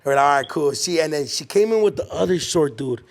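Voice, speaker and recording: Speaking fairly quickly in a slightly high voice, a young podcast host shares school stories in casual slang. He's an animated storyteller who swears heavily and plays out the people he quotes.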